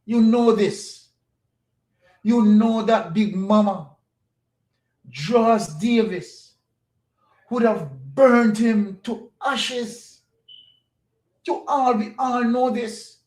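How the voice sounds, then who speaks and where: A man's voice: high voice, extremely slow, pauses often, a little mellow, echoey room. A Jamaican man giving an opinionated political monologue as a commentator, pressing his points with rhetorical questions and repetition.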